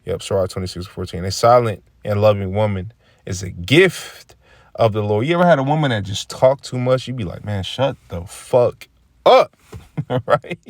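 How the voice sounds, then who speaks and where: Guy with a lowish voice riffing on scripture, cussing, repeating himself, dry close sound. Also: normal speed, dry recording. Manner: preachy, profane, repeats phrases, acts out quoted remarks. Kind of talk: casual religious commentary reading scripture.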